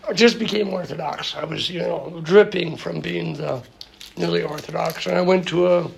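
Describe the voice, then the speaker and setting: A man's voice: a little high, fairly even intonation, moderate pace, vocal fry, slight background noise, low-quality recording. A man giving an informal talk and answering questions, rambling and full of anecdotes. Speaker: guest speaker answering questions.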